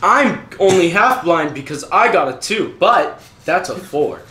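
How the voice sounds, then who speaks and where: High-voiced young man, playful player. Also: very animated, a little slow, reverberant, noisy background. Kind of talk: casual chat.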